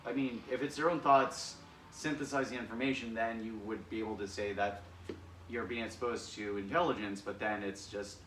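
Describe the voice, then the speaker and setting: A man leading drama practice, talking in an animated, rambling way with lots of fillers. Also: on the low side, normal speed, slight background noise. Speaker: drama coach. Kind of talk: casual drama practice talk. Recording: echoey room, distant mic.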